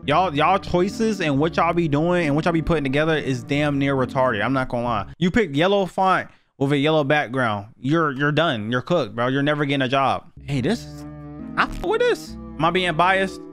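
A man's voice: on the high side, moderate pace, few pauses, a bit bright, soft background music. A young man giving blunt, profane, slang-heavy reactions as he reviews viewer submissions in a casual video.

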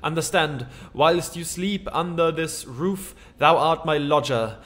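A man's voice: fairly high pitch, unhurried, fairly bright tone. A man voicing a stiff game character who suddenly speaks in archaic, pompous English.

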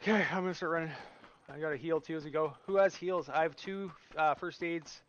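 A man streaming a shooter game with friends, excitable and quick to swear as he calls out plans. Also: fairly high pitch, highs cut off. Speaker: streamer playing a battle royale game with friends. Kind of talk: casual gaming chat.

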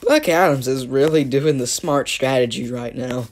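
This gaming video creator is a woman with a bass voice, slightly mellow, talking at a normal speed. She gives casual, playful commentary on her own gameplay, teasing, poking fun at herself and tossing in silly sound words along the way.

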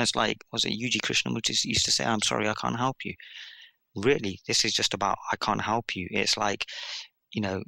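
A man with a British accent, a guest telling a spiritual teaching story in an excitable, rambling, playful way. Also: on the low side, creaky, dry recording. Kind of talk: animated storytelling in conversation.

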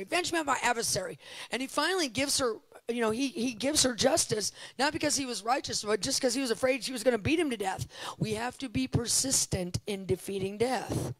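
A middle-aged woman with a higher-pitched voice preaches at a conference, sharing testimonies in a lively, emphatic style and repeating phrases for emphasis. The recording is dry and rough.

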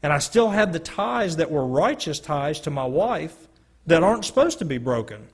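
Husky, earnest man giving a testimony. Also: on the high side, sing-song. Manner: slow, earnest storytelling with dramatic pauses. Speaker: speaker giving a personal testimony. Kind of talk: spoken testimony to a live audience.

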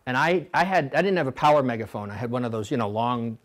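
A middle-aged man coaching coxswains at a clinic, blunt and animated, now and then mimicking rowers in a high voice. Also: quick pace. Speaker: rowing coach.

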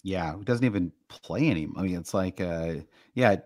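A man with a Midwestern American accent co-hosts a casual podcast chat, his voice low, slightly mellow, and moving at a moderate pace. He rambles along with plenty of fillers and restarts. The recording is dry and of studio quality.

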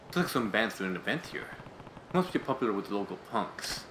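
A man voicing a stoic, blunt tough guy in a low, clipped delivery. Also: sing-song, brisk, noisy background. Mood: calm. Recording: roomy echo, faint game music.

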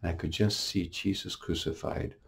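Speaking in a deep, somewhat creaky and slightly rough voice with fairly level intonation, a priest offers a short homily. His manner is soft and thoughtful, marked by a Canadian English accent and many pauses and restarted phrases.

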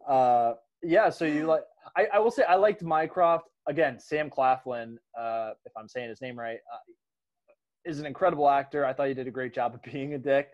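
A man hosting a casual movie discussion, animated, laughing often and trailing off into restarts. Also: mid-range voice, moderate pace, dull audio. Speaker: podcast host.

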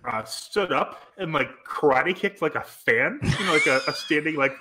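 A man's voice: fairly high pitch, lively intonation, moderate pace, background noise. A man co-hosting a podcast in casual chat, cracking dry jokes and recalling shared stories. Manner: joking, dry wisecracks. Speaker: podcast co-host.

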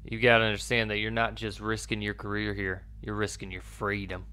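A man voicing a stern middle-aged male police captain in a put-on Southern accent, reading game dialogue loudly and firmly. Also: fairly low pitch, completely flat delivery, fairly quick, slight background noise.

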